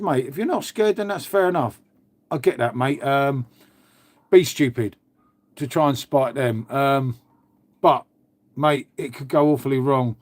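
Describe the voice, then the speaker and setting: A man's voice: medium pitch, dry recording. A man chatting casually on a live stream, swearing freely and calling everyone "mate". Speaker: livestream host. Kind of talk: casual live chat with viewers.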